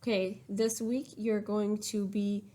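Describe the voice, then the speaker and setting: A woman's voice: mid-range voice, flat delivery, takes it slowly, dark tone. A woman teacher giving a recorded spelling lesson to young children, explaining each step patiently. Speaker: third-grade teacher.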